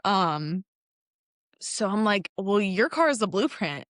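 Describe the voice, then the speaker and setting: A young woman, a guest in a casual storytelling chat, is mid-way through her car story, speaking slowly at a middle pitch. Her voice is close and dry with no room sound, and she's chatty and animated, laughing often and acting out what each person said.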